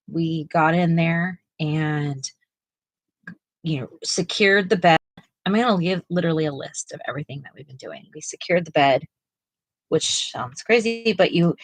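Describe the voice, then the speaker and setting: Chatty middle-aged woman, low voice. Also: no echo, poor audio. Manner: chatty, rambling, frequent fillers and restarts. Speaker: co-host of live art stream. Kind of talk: casual chat while painting.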